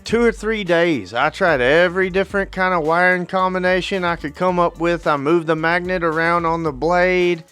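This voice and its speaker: High-voiced man narrating a DIY build. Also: fairly bright tone, clear, resonant tone. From northern Alabama, US. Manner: plainspoken, matter-of-fact explaining. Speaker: DIY guitar electronics builder.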